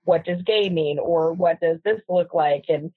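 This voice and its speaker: A woman in a casual parenting chat, speaking earnestly with halting restarts. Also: on the low side, slightly rough, no room sound. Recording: tinny phone-like line.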